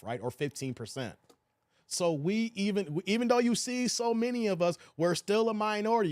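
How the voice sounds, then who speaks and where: Casting: high-pitched male stream host, animated, argues with chat, dry close sound. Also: no room sound. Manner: animated, talks back to chat, laughs often. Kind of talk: casual live stream commentary.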